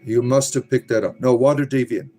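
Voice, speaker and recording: A man's voice: medium pitch, steady tone, brisk, dark tone, faint music behind. A man hosting a livestream, reading and answering viewer comments bluntly and sarcastically, cursing freely. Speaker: livestream host reading chat. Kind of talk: casual livestream chat.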